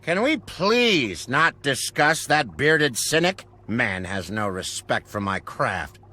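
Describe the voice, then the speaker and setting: A man's voice: medium pitch, big pitch swings, slow pace, bright, forceful tone, exaggerated voice. An actor playing a vain, haughty male alchemist who runs a shop in a game, with dismissive, theatrical outbursts. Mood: indignant. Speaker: alchemist shopkeeper. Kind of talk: video game voice acting.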